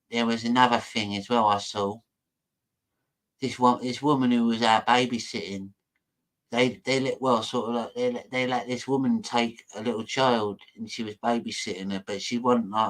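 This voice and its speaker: A man talks over a video he is watching in a loose, mocking, rambling way. His voice is bright and forward, and he trips over his words as he jokes. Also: mid-range voice, fairly even intonation, moderate pace. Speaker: host reacting to a video. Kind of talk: casual reaction commentary.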